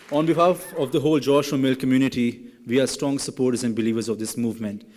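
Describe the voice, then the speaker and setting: A man's voice: mid-range voice, fairly even intonation, fairly quick, darkish tone, a faint crowd, slight background noise. A young man, a graduating student, giving an earnest and teasing ceremony speech at a podium microphone in a large hall. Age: young adult. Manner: earnest, then playfully teasing classmates. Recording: reverberant hall.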